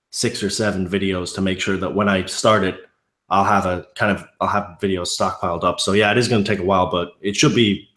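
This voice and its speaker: A man's voice: fairly low pitch, fairly bright tone, reverberant. A man being interviewed about his online channels, speaking in an easygoing, hesitant way with frequent restarts. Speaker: guest youtuber.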